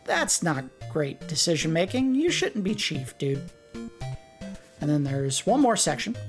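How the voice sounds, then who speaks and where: A woman's voice: low voice, big pitch swings, a little slow. A woman hosting a let's play, commenting on an old game with joking, sarcastic asides. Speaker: host. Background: game music.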